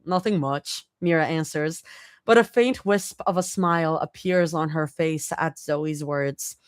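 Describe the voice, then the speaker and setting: Brief: young woman, lowish voice, dry close sound, casual live reading with reactions. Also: unhurried, smooth, dry recording. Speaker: fanfic reader.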